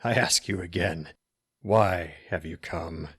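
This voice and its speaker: Raspy old sorcerer, put on by a man reading a story, very deep, slow, cold and commanding. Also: a bit bright, no echo, heavily acted. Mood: menacing. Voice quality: raspy, hissing. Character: cruel menacing old male sorcerer, frail yet powerful.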